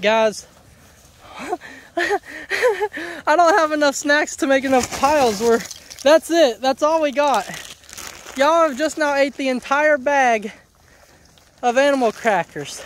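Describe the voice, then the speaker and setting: Male homesteader, very high pitch, chatty and joking with his animals outside. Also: slow, pauses often, fairly bright tone, slight background noise. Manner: playful, chatty, teasing. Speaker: homestead vlogger. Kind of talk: casual vlog, talking to farm animals. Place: outdoor farm pasture.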